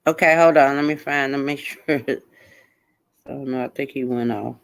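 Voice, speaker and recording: A man hosting a live call-in stream, making low-key muttered remarks. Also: steady tone, moderate pace, vocal fry, fairly bright tone, smooth.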